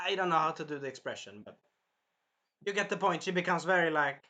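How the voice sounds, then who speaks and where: A man's voice: sits high, animated, fast talker, long pauses, sharp tone. A man reviewing an anime episode in a casual, rambling recap full of fillers, sounding a bit tired. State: tired, clearing his throat.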